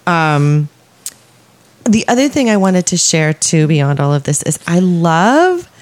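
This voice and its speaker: Low-voiced woman on a chatty podcast, gushy and affectionate, reads stuff out slow. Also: big pitch swings, darkish tone. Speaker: podcast co-host. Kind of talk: casual chat.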